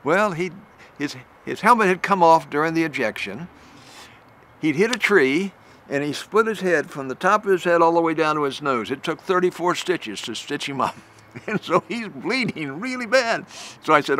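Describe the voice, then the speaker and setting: This older man is a retired general delivering a recorded talk, and his vivid story comes with restarted phrases and a higher pitch whenever tension builds. He sounds animated and fairly bright, speaking at a normal speed.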